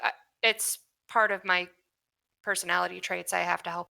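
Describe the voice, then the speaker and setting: A woman's voice: fairly low pitch, fairly even intonation, moderate pace, gravelly, bright, forceful tone. A woman playing a tabletop game, eager and asking about the rules. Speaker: player.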